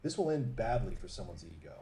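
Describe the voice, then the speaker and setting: A synthetic male voice playing a dry-witted robot assistant, deadpan and terse. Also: deep voice, fast. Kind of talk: text-to-speech robot voice.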